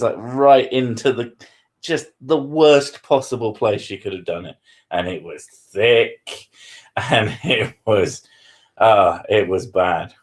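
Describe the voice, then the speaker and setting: A man, hosting a live stream from his living room with crude, self-mocking banter. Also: on the low side. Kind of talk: casual live-stream chat.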